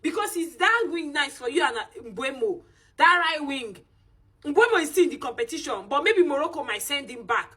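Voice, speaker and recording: A woman chatting to camera, animated and teasing. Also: sits high, normal speed. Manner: animated, teasing, mixes pidgin. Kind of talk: casual chat to camera.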